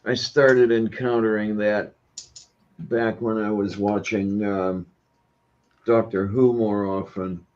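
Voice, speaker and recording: A man's voice: fairly low pitch, level tone, takes it slowly, a little mellow, dull audio. A man in casual chat who talks in a musing way and mutters to himself. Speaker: podcast co-host.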